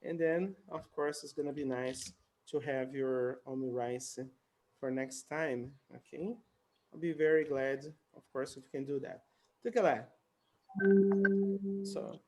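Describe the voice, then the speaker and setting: A man with a notably high speaking voice runs a relaxed English conversation class on a video call. He chats and laughs easily and repeats new words over and over for his students. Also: takes it slowly, long pauses. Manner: chatty, laughing, repeats words to teach them. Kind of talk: casual online conversation class.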